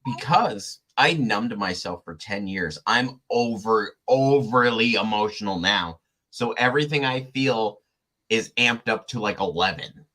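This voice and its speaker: A young man hosting a casual chat, animated and stammering, quick to laugh. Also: on the low side. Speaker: podcast host.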